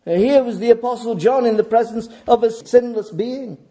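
A man preaching a sermon in a measured, emphatic way, pausing deliberately between phrases. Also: extremely high pitch, dark tone.

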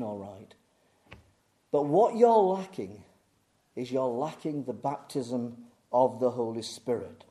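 Dynamic preaching man, loud to hushed. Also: expressive, unhurried. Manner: swings from booming emphasis to hushed intensity. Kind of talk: sermon.

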